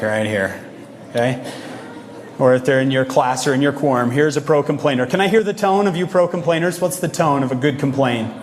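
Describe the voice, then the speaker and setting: Upbeat man speaking in a hall. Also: fairly high pitch. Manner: humorous, playful, mimics whiny voices. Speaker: youth speaker. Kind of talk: energetic devotional talk to youth.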